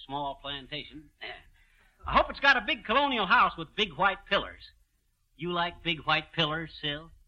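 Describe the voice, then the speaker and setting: An actor playing a boastful, excitable comic schemer in a 1930s radio comedy, with a bouncy, joking delivery full of wordplay. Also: male voice, on the high side, moderate pace. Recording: muffled 1930s radio broadcast.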